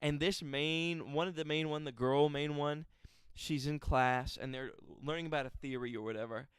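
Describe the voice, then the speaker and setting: Male vlogger, casual film reviewer, clear smooth tone, dry room. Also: on the high side, fairly even intonation, moderate pace, dry recording. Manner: chatty, laughing, exaggerated asides. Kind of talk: casual movie review vlog.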